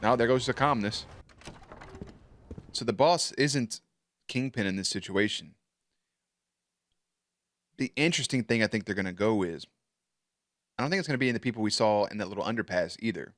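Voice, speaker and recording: Man host reacting casually, low voice, cursing and laughing, dry close sound. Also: moderate pace, long pauses, a bit bright, dry recording. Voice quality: profane, laughs often.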